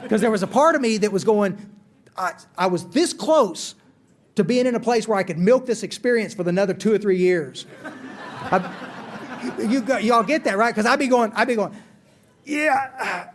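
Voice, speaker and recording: A man giving a talk at a recovery meeting, telling his story earnestly and poking fun at himself, often stopping and restarting his sentences. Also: high-pitched. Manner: earnest, self-deprecating storyteller with frequent restarts. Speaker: AA speaker. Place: conference hall.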